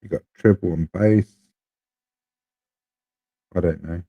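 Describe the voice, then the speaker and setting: A man's voice: low-pitched, steady tone, slow, gravelly, dull audio. A man with a New Zealand accent chatting casually to viewers, rambling and blunt as he talks about his gear. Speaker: live streamer.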